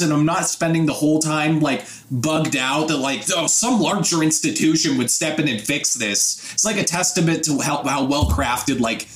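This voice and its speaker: A man chatting excitedly on a podcast, laughing often as he talks. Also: on the high side. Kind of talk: casual podcast discussion. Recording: echoey room with faint noise.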